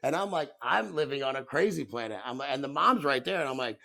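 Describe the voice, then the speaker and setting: A man in his thirties hosting a podcast, telling stories in a profane, animated comedic rant. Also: medium pitch, moderate pace, vocal fry, hardly any pauses. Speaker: podcast host.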